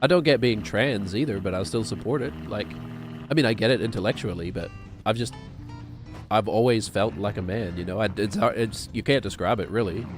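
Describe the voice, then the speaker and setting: A man's voice: fairly low pitch, brisk, faint music behind. A man streaming a video game, rambling and joking offhandedly as he plays. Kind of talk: gaming stream commentary.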